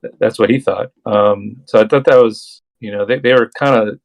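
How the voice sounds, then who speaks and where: A man's voice: fairly low pitch, steady tone, moderate pace, lo-fi sound. A man hosting a casual bible study discussion. He reads verses aloud and then comments on them conversationally. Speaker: host and scripture reader.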